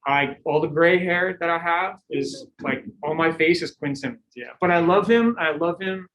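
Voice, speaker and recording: A middle-aged man, a cycling coach, giving a lecture full of animated stories and acted-out quotes, laughing now and then. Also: fairly high pitch, moderate pace, rough recording. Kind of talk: lecture with anecdotes.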